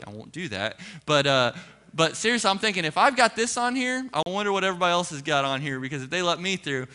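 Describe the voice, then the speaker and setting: A man preaching as a pastor, telling a personal story with animated, acted-out dialogue before turning to scripture. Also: high-pitched, fast talker, clean tone.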